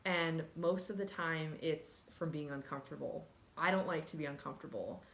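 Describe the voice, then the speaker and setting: A woman's voice: deep voice, normal speed, vocal fry. Earnest woman vlogging in an echoey room. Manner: earnest and emotional, casual with fillers. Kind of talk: candid personal vlog.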